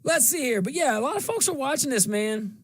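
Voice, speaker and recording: A man's voice: very high-pitched, lively intonation, brisk, fairly bright tone. A middle-aged man from central Louisiana with a slight twang, hosting a talk show in a folksy, rambling monologue that repeats phrases for emphasis.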